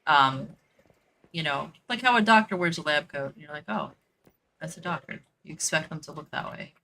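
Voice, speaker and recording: A woman's voice: sits low, lively intonation, fairly quick, sharp tone, slight background noise, rough recording. A woman who works as a dog trainer, chatting casually and thinking aloud while she plays a game, with lots of "like" and "you know" fillers. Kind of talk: casual chat while gaming.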